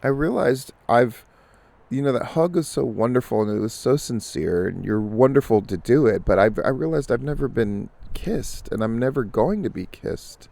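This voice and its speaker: A man's voice: mid-range voice, animated, normal speed, creaky, mellow. A man voicing a needy young woman stuck on a bench, pleading in a plaintive tone while telling a joke. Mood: wistful.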